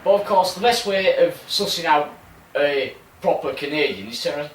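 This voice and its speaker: A man's voice: a little high, lively intonation, normal speed. A man co-hosting a podcast, teasing and laughing often in casual chat. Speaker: podcast co-host. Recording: roomy room, distant mic, faint ambience.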